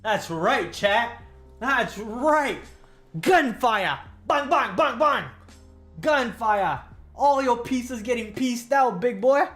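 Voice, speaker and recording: A man's voice: very high-pitched, expressive, takes it slowly, a bit bright, heavily acted. Guy doing a mashed-up brit-irish-aussie accent, trash-talking bloke, sing-song taunts, faint music underneath. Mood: gloating.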